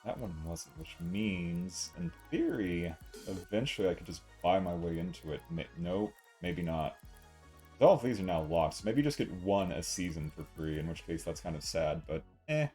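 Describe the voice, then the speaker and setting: A man streams a game and talks to his chat in a relaxed, joking way, poking fun at himself. His voice sits low but jumps around with lively pitch. Soft game music plays underneath. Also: moderate pace, husky. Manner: playful, self-mocking chatter to chat. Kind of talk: casual live gameplay commentary.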